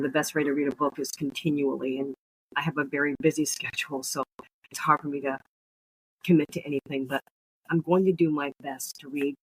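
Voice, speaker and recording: A woman's voice: deep voice, a little hiss or hum, low-quality recording. A woman hosting a podcast, reading a letter aloud and commenting on it in an earnest, emotional way. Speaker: podcast host.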